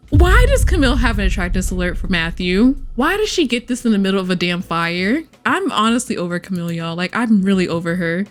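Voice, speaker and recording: Talking briskly in a medium pitch with faint music behind her, a young gameplay host keeps up a casual, chatty commentary. She laughs often, addresses viewers as y'all, and swings between excited squeals and mock exasperation.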